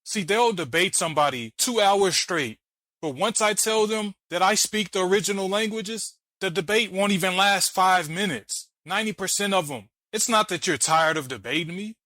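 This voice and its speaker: A man hosts commentary on a debate clip in a combative, mocking manner. His voice is bright and a little raised. The sound is dry and close, with hardly any room in it. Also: high-pitched, no echo. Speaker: host. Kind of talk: scripture reading.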